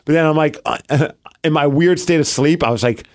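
A man in his thirties co-hosting a podcast, telling a story in lively casual chat and acting out quotes. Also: a little high, fairly quick. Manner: animated storytelling, acts out quotes. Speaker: podcast co-host.

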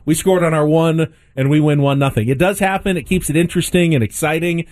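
A man co-hosting a sports talk show, explaining his view in a measured way. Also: fairly high pitch. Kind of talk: casual sports chat.

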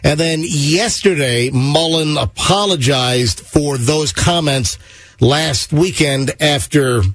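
A man's voice: on the high side, a bit bright, no room sound. A man hosting a radio morning show, chatting and joking with his co-hosts. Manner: chatty, jokey, quick to laugh. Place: radio studio.

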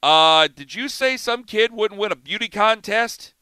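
A middle-aged man hosting sports talk radio, telling a story in an animated, self-mocking way. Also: sits high, unhurried, smooth, dry recording. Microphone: studio microphone.

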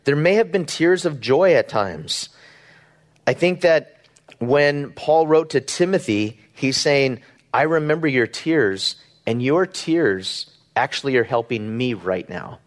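A man's voice: mid-range voice, expressive, slow pace. A middle-aged man, a pastor from Southern California, preaching in an earnest, conversational way, with rhetorical questions and small restarts. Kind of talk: sermon.

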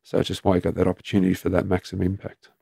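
A middle-aged Australian man speaks in a low, flat voice with a rough, gravelly edge. He tells his story as an interview guest, matter-of-fact and halting. The sound is close and dry. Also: no echo. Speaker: former police commander, guest.

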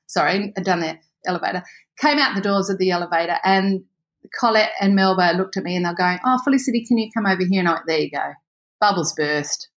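A woman telling a story in a casual chat, animated, laughing often and acting out the voices of the people in it. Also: medium pitch.

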